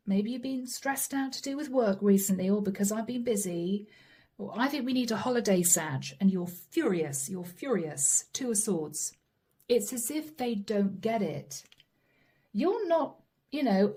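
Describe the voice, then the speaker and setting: Woman, tarot reader, chatty and dramatic, a little high, mellow tone. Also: animated, a little slow, husky. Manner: chatty, dramatic, acts out quotes. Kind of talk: channeled tarot reading.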